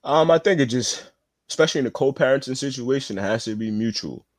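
A man's voice: mid-range voice, lively intonation, fast, no room sound. A man, a father, chatting as a podcast guest, earnestly telling stories about his son. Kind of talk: casual chat.

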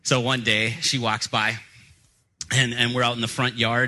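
A man's voice: mid-range voice, level tone, moderate pace, sharp tone, poor audio. A young adult male pastor preaching a sermon, telling jokey, self-deprecating stories from his childhood.

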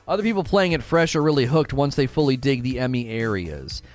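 A man's voice: mid-range voice, brisk, soft background music. A man streaming a game, chatting casually with viewers, reading their messages aloud and often restarting his sentences. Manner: animated, restarts often, reads chat aloud. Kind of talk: casual live-stream chat while gaming.

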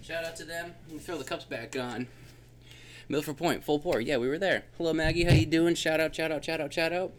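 A man's voice: fairly high pitch, fairly even intonation, fairly quick, a little hiss or hum. A man co-hosting a casual livestream podcast, goofy and teasing his listeners. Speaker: podcast co-host.

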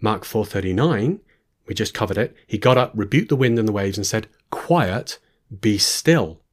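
A man's voice: on the low side, animated, normal speed. A man giving a Bible teaching, reading verses aloud and then explaining them with informal asides and restarts. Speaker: preacher.

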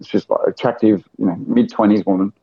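Speaking briskly with fairly even intonation, a South Australian man with a lowish, slightly rough voice rambles through casual anecdotes and acts out the characters. The recording has no echo and sounds dull and lo-fi.

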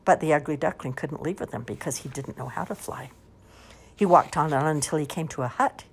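Husky woman reading storybooks aloud. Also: deep voice, brisk. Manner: expressive, lively storytelling. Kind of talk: animated storybook read-aloud.

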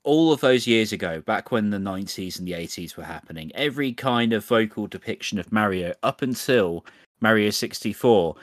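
A man co-hosting a podcast in relaxed, reflective casual chat. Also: on the low side, normal speed, dry recording, studio quality. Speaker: podcast co-host.

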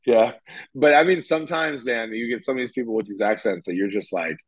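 A man co-hosting a casual chat, animated and quick to laugh. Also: mid-range voice, slightly rough, no echo, poor audio. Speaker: podcast co-host. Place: California.

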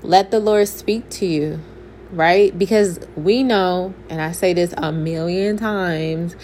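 A young woman speaks candidly to her viewers and preaches a little as she shares her faith. Her voice sits slightly low. A faint hiss runs behind her. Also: takes it slowly, darkish tone. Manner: candid, preachy, talks straight to her audience. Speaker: faith vlogger. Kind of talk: casual faith testimony to viewers. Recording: faint background noise.

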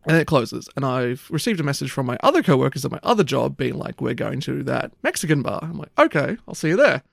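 Man, casual storyteller, swears a lot, quick talker, gravelly. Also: medium pitch, sing-song, dry recording, studio quality. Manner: rambling anecdote, frequent swearing and "like". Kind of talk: casual chat.

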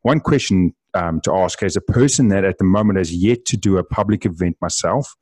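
Deep-voiced podcast host, dry sound. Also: male voice, brisk, darkish tone, husky, dry recording. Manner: rambling questions, frequent short acknowledgments. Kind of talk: podcast interview.

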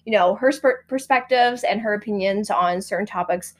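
A woman's voice: medium pitch, moderate pace. A young woman co-hosting a podcast in casual chat, filling her talk with "like" and "um". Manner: chatty, heavy use of "like" and "um". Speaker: podcast co-host.

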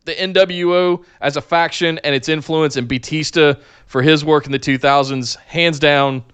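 A man chatting casually as podcast co-host, reacting quickly and giving eager opinions. His voice is bright and a bit high, with a crisp tone recorded dry and close. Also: steady tone, no room sound. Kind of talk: casual chat.

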